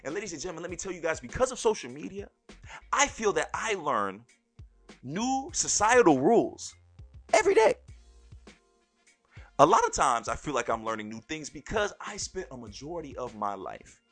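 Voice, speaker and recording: A young adult man hosting a podcast, telling stories in an animated way and often calling out "ladies and gentlemen". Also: a little high, moderate pace, long pauses, faint music behind. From born in Turkey, raised overseas in a military family. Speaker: podcast host. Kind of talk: solo podcast monologue.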